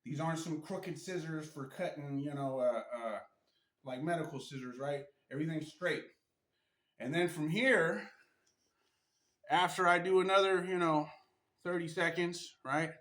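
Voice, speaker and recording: A martial arts instructor casually demonstrates stretches to a camera, chatty and a little strained by the effort, often tagging his lines with "right?". His voice is fairly high and a bit bright, with a measured pace and long pauses. The camera mic captures him in an echoey room.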